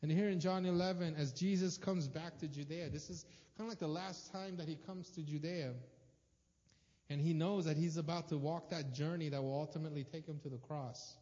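A male preacher delivers an emphatic sermon with a slightly high voice. He repeats phrases for effect and rises and falls in volume. His voice carries a long hall reverb and comes through a dull, muffled recording. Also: fairly even intonation, a little fast. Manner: emphatic, repetitive, swings between soft and loud.

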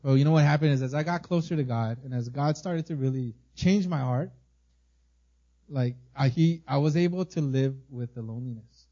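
A man's voice: medium pitch, normal speed, dark tone, lo-fi sound. A middle-aged man born in Korea and raised in America, preaching an earnest, emotional sermon with frequent restarts and repeated words. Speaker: pastor.

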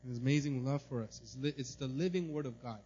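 A man preaching a sermon in a church, telling a personal story in an animated way and often asking "right?". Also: medium pitch, fast, husky. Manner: animated, tells stories, repeats "right?". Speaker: pastor. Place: church service. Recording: dull lo-fi recording.

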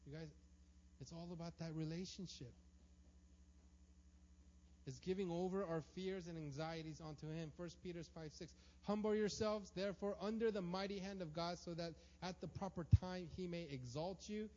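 A man's voice: high voice, normal speed, a little mellow, slight background noise. A man preaching a sermon, emphatic and acting out the prayers and voices he quotes. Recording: dull lo-fi sound.

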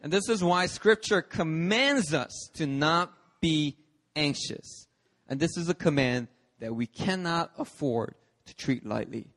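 A man's voice: a little high, expressive, a little slow, fairly bright tone. A man, a pastor, preaching a sermon in an emphatic, storytelling manner at a church service. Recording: long reverb of a church hall.

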